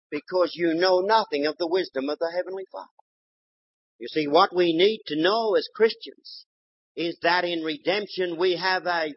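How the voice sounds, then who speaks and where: An older man preacher delivering a sermon, swinging from loud exhortation to quiet, low storytelling. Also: moderate pace, husky. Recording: dull lo-fi sermon recording.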